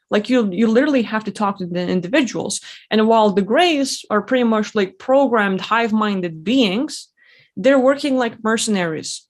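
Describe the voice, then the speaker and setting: Female non-native English speaker, reaction host, loose rambling delivery, average pitch. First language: not English. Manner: rambling, many fillers and restarts. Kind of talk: casual commentary.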